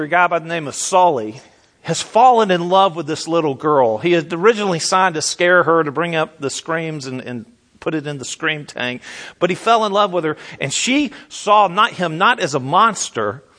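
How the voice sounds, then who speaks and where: A man preaching a sermon as a pastor, conversational and folksy, slowing down to stress key words. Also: on the high side, animated, bright, forceful tone. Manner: conversational, folksy, slows down for emphasis.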